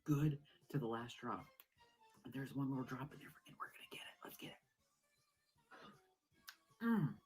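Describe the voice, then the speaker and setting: A woman performing a comedic monologue at home, over-the-top excited and swinging between hushed whispers and loud exclamations. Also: rumbling low, normal speed, long pauses, faint music behind, rough recording.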